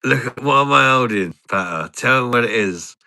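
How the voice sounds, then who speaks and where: Giggly man with a gravelly voice. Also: medium pitch, animated, normal speed, bright, forceful tone, no room sound, clean studio sound. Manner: giggly, swears a lot, rambling. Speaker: streamer. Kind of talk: casual chat with viewers.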